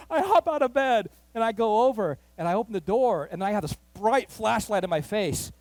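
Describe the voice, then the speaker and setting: A man pastor telling a story in a sermon, animated and acting out the voices of the people in it. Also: sits high, moderate pace, no room sound. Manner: animated, acts out quoted voices, rising excitement. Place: church.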